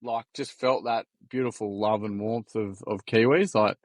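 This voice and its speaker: An Australian man telling lively stories in a casual podcast chat, full of slang and acted-out quotes. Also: on the low side, moderate pace, no room sound, clean studio sound. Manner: animated yarn-telling, acts out quoted voices, slangy. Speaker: podcast guest.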